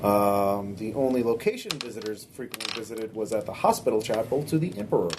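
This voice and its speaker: A man running a tabletop game as game master, describing scenes in a relaxed way with many filler sounds. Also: lowish voice, fairly quick, noisy background.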